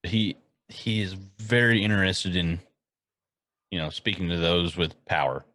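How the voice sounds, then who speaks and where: A man with a very low voice chats casually as a podcast co-host, mostly offering short, relaxed replies. His voice sounds dry and close, with no room echo. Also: a little slow. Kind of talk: casual chat.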